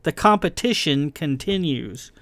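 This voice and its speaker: A man reading a patient, firm starship captain who speaks calmly. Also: on the high side, unhurried, no room sound.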